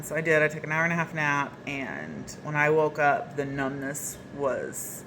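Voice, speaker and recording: A woman's voice: low voice, animated, normal speed, background noise. A woman with a Southern US accent, chatting casually to camera as a vlogger and rambling along with small laughs.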